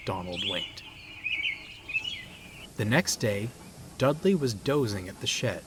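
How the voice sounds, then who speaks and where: Guy reading a kids story, lively pitch, loud hiss behind. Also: takes it slowly, long pauses. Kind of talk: storybook narration. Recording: loud background noise.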